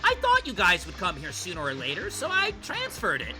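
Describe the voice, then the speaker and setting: A man's voice: high-pitched, huge pitch swings, brisk, over music. A man reading a smug taunting young man. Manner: taunting, dismissive. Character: smug young man mocking trapped classmates.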